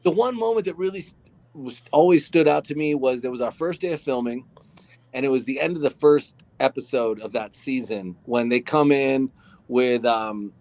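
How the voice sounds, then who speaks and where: A man from Arizona, an actor guest on a podcast, telling behind-the-scenes stories in a relaxed, rambling way with lots of fillers. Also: mid-range voice, normal speed. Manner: relaxed storytelling with many fillers. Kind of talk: casual podcast interview.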